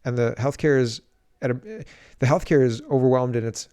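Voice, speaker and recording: A man's voice: mid-range voice, fairly even intonation, a little fast, warm tone, smooth. A man doing casual political commentary on a livestream, reading viewer comments aloud and reacting in an indignant, rambling way with frequent restarts.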